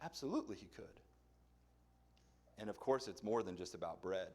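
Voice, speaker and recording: Animated male preacher, lively pitch. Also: normal speed. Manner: animated storytelling, acts out quotes with big pitch jumps. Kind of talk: sermon. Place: church sanctuary.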